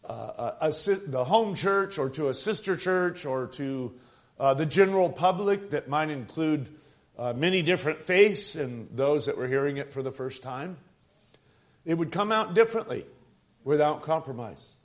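A man's voice: a little high, lively intonation, moderate pace. A male minister preaching an earnest sermon, asking the congregation questions.

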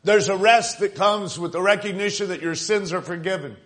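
A man's voice: sits high, brisk, fairly bright tone. A man preaching a sermon with emphatic delivery, repeating words and calling to his listeners as friends.

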